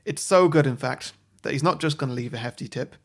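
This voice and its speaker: A man's voice: mid-range voice, fast talker, vocal fry. A man, co-hosting a podcast and telling an imagined story casually, with many ums and self-corrections. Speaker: podcast co-host. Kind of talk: casual chat, pitching an imagined sequel plot.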